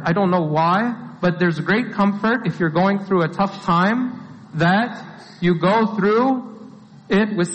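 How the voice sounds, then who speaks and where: A man preaching a sermon in a conversational way, often filling with "like". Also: high voice. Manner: conversational, with many "like" fillers. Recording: long hall reverb.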